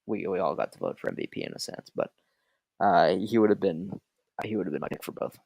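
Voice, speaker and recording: A man's voice: sits low, wildly swooping pitch, a little fast, creaky, darkish tone, slightly rough, no echo, poor audio. A young man co-hosting a casual podcast, wry and a little tired. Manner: dry, wry, tired and yawning. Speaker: podcast co-host.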